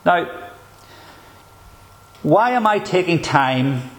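A man, a pastor, preaching a sermon in an emphatic, measured way with deliberate pauses. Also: a little high, lively intonation.

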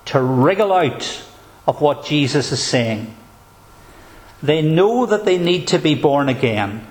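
Emphatic man preaching a sermon. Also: a little high. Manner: emphatic, measured preaching with deliberate pauses. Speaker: pastor.

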